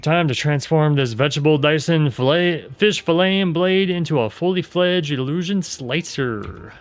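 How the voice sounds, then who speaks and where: A man voicing a tipsy, boastful rustic craftsman in a game, with folksy dialect and a drawn-out, theatrical delivery. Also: fairly high pitch, dry recording, soft background music, pitched above the performer's own voice, lightly acted.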